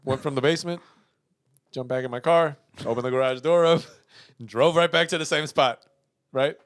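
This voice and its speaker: Man, podcast co-host, fairly high voice, spins a profane story, flips from yelling to mumbling. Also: normal speed, no echo, studio quality. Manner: profane, animated, swings between loud outbursts and muttering. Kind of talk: casual storytelling.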